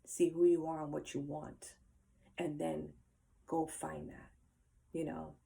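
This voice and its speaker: An older woman talking earnestly and emotionally to her viewers in a personal reflective monologue, with many fillers and soft trailing asides. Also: deep voice, level tone, slow pace, creaky. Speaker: vlogger.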